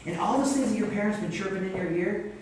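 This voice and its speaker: A man from Vermont preaching a sermon in a church, telling stories in an animated, self-deprecating way. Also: high voice, fast talker, slight background noise. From Vermont, USA. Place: church sanctuary. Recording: echoey church hall, distant mic.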